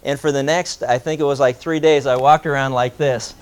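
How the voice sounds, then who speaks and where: A preacher telling an anecdote in a sermon, animated and voicing both sides of a conversation. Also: male voice, medium pitch, brisk. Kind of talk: sermon storytelling.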